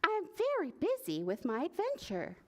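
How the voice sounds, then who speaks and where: A woman's voice: very high-pitched, huge pitch swings, normal speed, dark tone, voice pushed up, exaggerated voice. A woman voicing a brave, busy little female spider in a picture-book read-aloud, with a bossy, chirpy manner.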